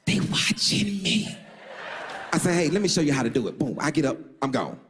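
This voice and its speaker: A man doing stand-up, telling a dating story with animated delivery and loud bursts while acting out the people in it. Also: medium pitch, rapid-fire, big-room sound, music in the background. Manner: animated, acts out other voices, loud bursts.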